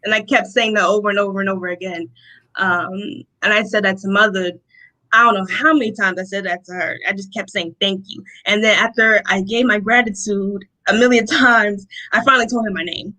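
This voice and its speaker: A young woman from Rochester, New York, a guest telling a personal testimony in an interview, animated and often acting out what people said. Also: mid-range voice, a little fast, low-quality recording. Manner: animated storytelling, acting out quotes, laughs often.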